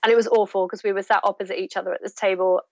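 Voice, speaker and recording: A woman author chatting in an interview, telling stories with lively asides and acting out what people said. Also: mid-range voice, rapid-fire, highs cut off, a little hiss or hum. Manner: animated storytelling, acts out quoted voices.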